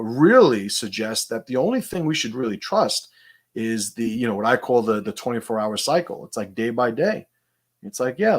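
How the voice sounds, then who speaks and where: A man's voice: medium pitch, slightly rough. A middle-aged man hosting a casual monologue, rambling in a conversational way with lots of fillers. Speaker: host.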